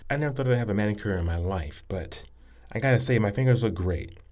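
An actor playing a friendly, humble, folksy man who chats gently and warmly with a young woman. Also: fairly low pitch, expressive, fast, natural voice.

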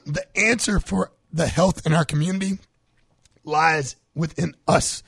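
A man's voice: on the high side, takes it slowly, creaky, breathy edge, no room sound. A man co-hosting a health talk show, chatting casually and acting out quotes as he tells stories. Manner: animated storyteller, acts out quotes. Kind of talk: casual chat.

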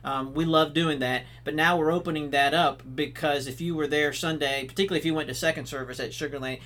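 Bright-voiced man, enthusiastic guest. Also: a little high, steady tone, fast. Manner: enthusiastic, explanatory, many restarts and fillers. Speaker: executive pastor and guest. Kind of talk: casual podcast interview.

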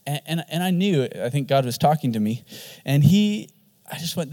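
A man who is a pastor, preaching an animated sermon and often repeating words for emphasis. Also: on the high side, normal speed.

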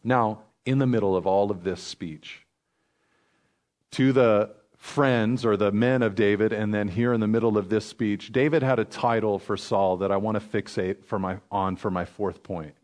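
A pastor preaches in a relaxed, conversational style and speaks at a middle pitch. He lifts his voice to press a point, then drops low and quiet. Now and then he adds a quick aside. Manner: conversational preaching, rising for emphasis then dropping soft; laughs lightly, quick asides. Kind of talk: sermon.

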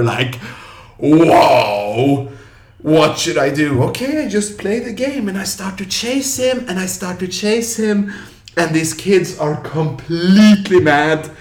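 Man, clown storyteller, fairly high voice, lively and animated, echoey room. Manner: lively, acts out scenes with yelps and funny voices. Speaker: professional clown, interview guest.

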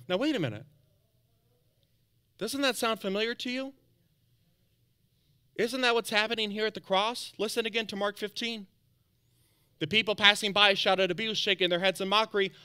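A man preaching a sermon as pastor, animated, calling out to the congregation for responses, then dropping soft for encouragement. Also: normal speed, pauses often. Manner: drops to a soft, low tone for quiet encouragement.

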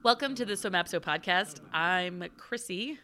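Playful woman podcast host, bright voice, joking around with her cohost. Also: on the low side, expressive. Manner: playful, quick to laugh. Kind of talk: casual podcast chat.

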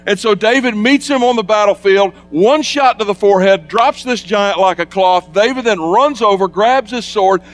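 A man preaching a sermon as lead pastor, telling the story with animated swings between hushed asides and loud bursts. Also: high-pitched, normal speed, hardly any pauses, soft background music.

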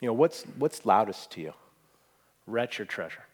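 A man preaching a sermon, earnest, pressing points hard and then dropping to a hushed voice. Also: lowish voice, big pitch swings, normal speed, breathy edge. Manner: earnest, swings from emphatic to hushed. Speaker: pastor.

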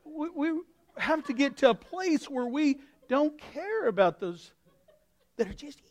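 A male pastor preaching a sermon with a folksy, anecdotal manner, swinging from quiet asides to sudden shouts. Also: extremely high pitch, lively intonation, a little slow. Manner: impassioned, breaks into sudden shouts.

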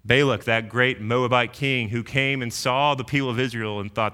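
A man's voice: medium pitch, fairly even intonation, moderate pace, few pauses, sharp tone, clean tone. A man preaching an expository sermon in an earnest teaching tone, often repeating words as he thinks.

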